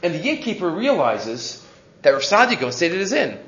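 A man giving a Torah class as a rabbi, an animated storyteller who weaves Hebrew quotes into his English. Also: high-pitched, fairly quick. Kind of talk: weekly Torah portion lecture. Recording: roomy, dull lo-fi recording.

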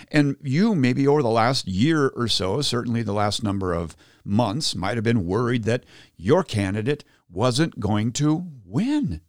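Animated man giving a faith talk. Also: mid-range voice, no room sound, studio quality. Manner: animated storytelling, acts out his own shouts. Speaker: podcast host. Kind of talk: Catholic teaching talk.

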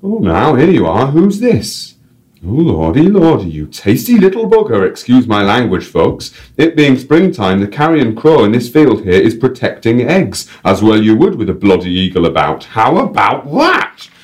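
A man reading aloud voices an excitable, crude, red-faced male bird-show guide with a Northern English accent. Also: mid-range voice, normal speed, voice pushed up, natural voice. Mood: excited commentary. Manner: exclaiming, commentating on a microphone.

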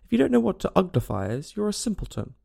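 Man voicing a brusque griffin, gravelly, scolding, storybook creature, impatient. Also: high-pitched, wildly swooping pitch, fast talker, mellow, pitched above the performer's own voice, full character voice.

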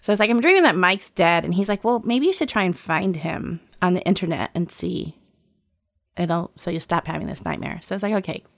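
Gravelly-voiced woman telling a story. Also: on the low side, fairly quick, dry recording, studio quality. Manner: lively storyteller who acts out quoted dialogue and laughs often. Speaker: guest telling a personal story. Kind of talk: casual storytelling conversation.

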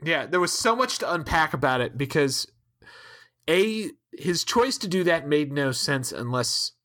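A man's voice: fairly high pitch, expressive, a little slow, sharp tone. A man co-hosting a casual podcast, critiquing a TV episode in a hedging, conversational way with loose swearing. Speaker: podcast co-host.

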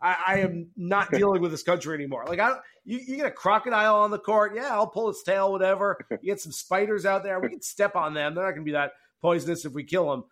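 A man hosting a golf betting podcast, chatting casually and telling stories with animated jokes. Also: sits high, quick pace, hardly any pauses. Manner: animated, jokey storytelling. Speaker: podcast host.

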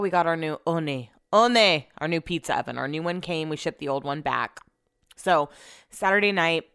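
Speaking from an upstairs room in her home, a young podcast host rambles through a casual solo episode full of fillers and restarts. Her voice is low-pitched and fairly bright, with a clean tone.

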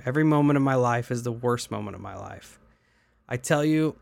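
A man hosting a podcast, reading online posts aloud in an even voice and chatting casually between them. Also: mid-range voice, vocal fry, no echo.

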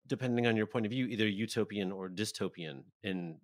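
A man's voice: lowish voice, fairly quick, no room sound, studio quality. A man talking on a podcast in a rambling way, often trailing off mid-thought. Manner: rambling, frequent fillers and trailing off. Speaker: podcast guest and site editor. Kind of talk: casual podcast talk.

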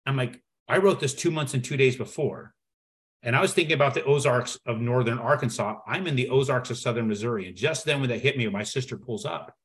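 A man telling a personal story as a podcast guest, acting out the dialogue with lively shifts in his voice. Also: medium pitch, a little fast. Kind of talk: storytelling in conversation.

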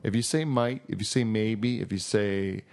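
Man, young adult, low-pitched, rambling, tipsy, swearing, podcast co-host. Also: moderate pace, creaky, darkish tone. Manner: loose, rambling, swears freely. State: tipsy after hours of drinking. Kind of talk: casual chat.

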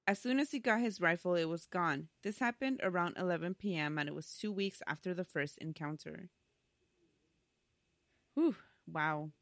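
A woman co-hosting a podcast, chatting casually and reading listener stories aloud. She laughs easily between lines, and her voice sits a little low. The recording is dry and close, with no room sound. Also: no room sound. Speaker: podcast co-host.

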